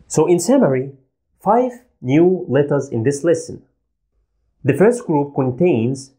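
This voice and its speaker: Man, slow and patient teacher, mellow voice, lively pitch. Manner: patient, repeats sounds slowly for learners. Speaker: Arabic language teacher. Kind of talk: slow, deliberate pronunciation lesson.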